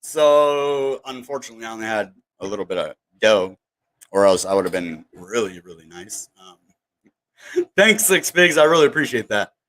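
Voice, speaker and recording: A man's voice: lowish voice, sing-song, moderate pace, fairly bright tone. A man hosting a crypto channel livestream, rambling in casual chat with lots of fillers and greeting viewers from the chat. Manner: rambling, full of fillers and asides. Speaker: crypto YouTuber.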